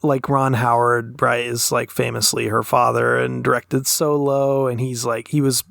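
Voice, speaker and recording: A man's voice: mid-range voice, level tone, unhurried, creaky, a bit bright, dry recording, clean studio sound. A man co-hosting a podcast, talking in a thoughtful, analytical way with long, winding sentences. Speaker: podcast co-host. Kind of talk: casual podcast discussion.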